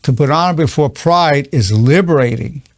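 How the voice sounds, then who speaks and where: An older man in his eighties talks through a lesson with earnest, repetitive conviction, often restarting his sentences. His voice is gravelly and sits a bit high. The sound is dry and close. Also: moderate pace, dry recording. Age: 80s. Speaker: psychologist teaching a lesson. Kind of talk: unscripted spoken lesson.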